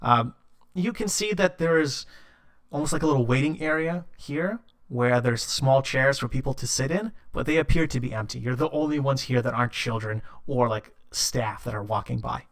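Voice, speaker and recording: A man's voice: medium pitch, moderate pace. A man narrating as game master in a tabletop game, casual and full of fillers.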